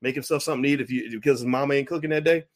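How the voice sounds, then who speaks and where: Animated man delivering mocking commentary. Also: very fast. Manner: mocking, animated, mimics wailing baby in high pitch. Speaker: podcast host. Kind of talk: commentary monologue.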